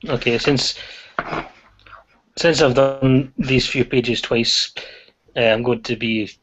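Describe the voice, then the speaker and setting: A man's voice: medium pitch, fairly even intonation, slow pace, a bit bright, slightly rough. A man in a casual online discussion, speaking in a reflective, understated way. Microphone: video call. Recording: dull lo-fi call audio.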